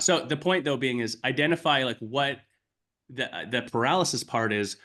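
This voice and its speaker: A man's voice: medium pitch, moderate pace, bright, forceful tone. A man business coach in casual chat, blunt and emphatic, swearing freely as he explains his point step by step.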